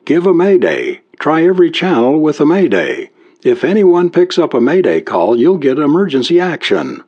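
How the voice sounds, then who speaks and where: A man's voice: mid-range voice, huge pitch swings, moderate pace, a little mellow. A man voicing a frightened young woman stranded on a yacht at night, speaking in anxious, urgent questions. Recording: muffled lo-fi recording.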